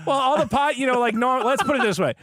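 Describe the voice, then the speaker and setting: A man's voice: extremely high pitch, quick pace, a bit bright, no echo, clean studio sound. A man hosting a podcast in casual comedic chat, often laughing and sounding exasperated and mocking. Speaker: podcast host.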